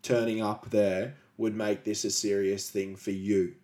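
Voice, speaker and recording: A man's voice: lowish voice, little pitch movement, measured pace, mellow. A man co-hosting a casual podcast chat, enthusiastic and playfully sarcastic. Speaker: podcast co-host.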